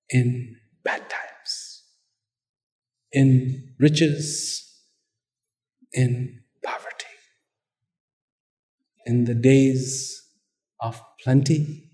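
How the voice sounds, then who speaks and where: A man preaching, telling a story and asking the audience animated questions, in a hall with long reverb. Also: medium pitch. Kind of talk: sermon storytelling.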